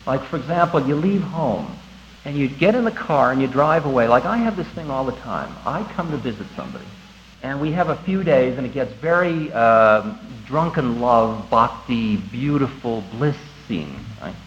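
A man giving a conversational spiritual talk to an audience, animated and laughing at himself. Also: medium pitch, moderate pace, slight background noise. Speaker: spiritual teacher. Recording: dull lo-fi recording with faint ambience.

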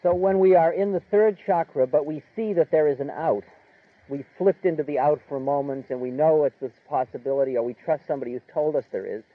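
A man giving an informal spiritual lecture in a relaxed, conversational way, chuckling and filling his talk with "like" and "you know.". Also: a little high, no echo. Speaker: spiritual teacher. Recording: tinny narrow-band dry recording.

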